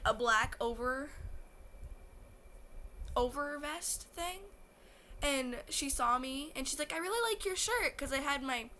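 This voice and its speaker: Young woman fan, tearful and gushing; high, bright voice; faint hiss behind. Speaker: vlogger. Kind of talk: emotional fan vlog storytelling.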